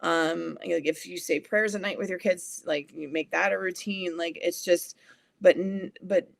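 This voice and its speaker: A woman's voice: fairly low pitch, steady tone, unhurried, vocal fry, no echo. Woman psychic guest in her thirties, chatty and casual, leans on "like". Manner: chatty, many "like" fillers, acts out children's voices. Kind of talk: casual interview chat.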